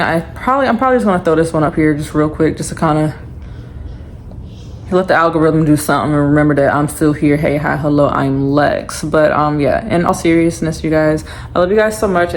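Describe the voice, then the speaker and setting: Chatty young woman vlogger, low voice. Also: slight background noise. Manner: chatty, loose, heavy with fillers. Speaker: lifestyle vlogger. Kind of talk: casual chat to camera. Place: at home.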